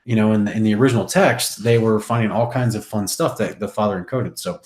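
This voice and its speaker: A man's voice: on the low side, fast, a little mellow, roomy sound. A man hosting a Bible study, reading scripture aloud and adding chatty, jokey asides. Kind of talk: casual scripture reading and commentary.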